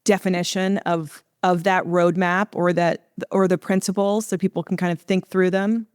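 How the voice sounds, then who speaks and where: A woman's voice: fairly low pitch, little pitch movement, normal speed, darkish tone, clear, resonant tone, no room sound, studio quality. A woman hosting a podcast interview, asking eager, hedging questions. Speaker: podcast host.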